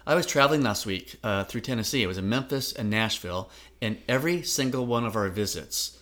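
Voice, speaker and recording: A man's voice: on the low side, expressive, fairly quick, a bit bright. Earnest middle-aged male podcast co-host. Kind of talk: casual chat.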